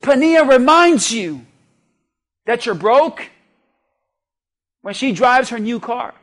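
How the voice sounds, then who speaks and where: A man preaching a sermon as a pastor, in a very high voice. He takes his time with each phrase, delivering it with a slow, deliberate pace. His delivery is lively and humorous, and he often calls out to the congregation.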